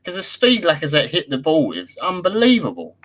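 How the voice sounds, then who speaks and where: Bright, lively man ranting about football. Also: fairly high pitch, a little fast. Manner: animated, blunt, swears freely. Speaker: podcast co-host. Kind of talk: casual football chat.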